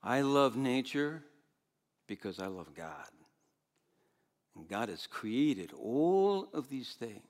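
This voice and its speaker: Older guy pastor giving a sermon, gets loud then goes real soft, laughs a lot. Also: medium pitch, slow pace, pauses often. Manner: animated, swings between loud exclamations and soft asides.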